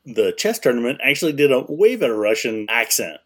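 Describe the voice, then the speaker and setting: A man's voice: medium pitch, sing-song, brisk, fairly bright tone, husky. A man co-hosting a podcast in casual chat, agreeable and often laughing. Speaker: podcast co-host.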